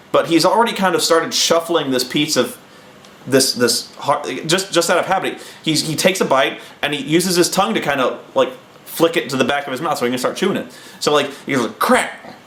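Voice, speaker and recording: Male host, rambling storyteller, lively pitch, echoey room. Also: a little fast, slight background noise. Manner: rambling, animated, acting out quotes. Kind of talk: casual anecdote telling.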